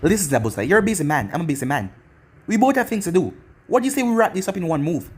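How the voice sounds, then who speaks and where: A man voicing a calm adult male ninja teacher, speaking low and measured. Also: husky, exaggerated voice. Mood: cool.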